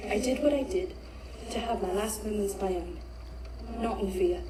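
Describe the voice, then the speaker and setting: A woman's voice: mid-range voice, normal speed, far from the mic, lightly acted. A woman with a British accent voicing a dead woman who gives a bitter, frightened statement in a recorded audio drama, her voice pained and shaky. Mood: bitter, resigned. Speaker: statement giver. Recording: loud noise, reversed reverb effect.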